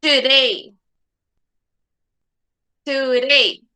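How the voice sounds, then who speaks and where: Slow, bright-voiced woman teaching English. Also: high voice, steady tone. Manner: slow, repeating words for students to echo; checks understanding with frequent "okay?". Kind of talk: online class instruction.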